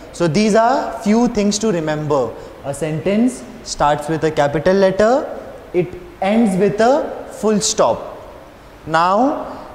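A man's voice: high-pitched, a little mellow. A male schoolteacher, giving a patient classroom lesson in front of a board and checking if the class understands. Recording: roomy echo with long reverb, faint hiss.

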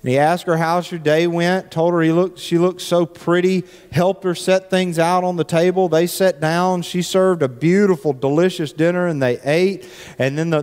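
A man's voice: a little high, darkish tone. Give me a male pastor giving a conversational, joking sermon, with a long church-hall echo. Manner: conversational and joking, repeats words as he restarts. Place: church sanctuary.

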